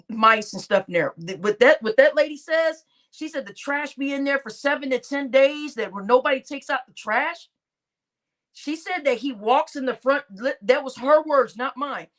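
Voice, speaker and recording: Woman live-stream commentator, high voice, exasperated and animated, stumbles over her words. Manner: animated, exasperated, stammering restarts, addresses chat.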